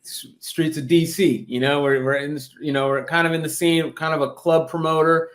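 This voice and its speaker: A man's voice: on the high side, steady tone, a little fast. A man co-hosting a podcast, telling an improvised comedic story in a rambling, profane way with many repeated words. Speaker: podcast co-host.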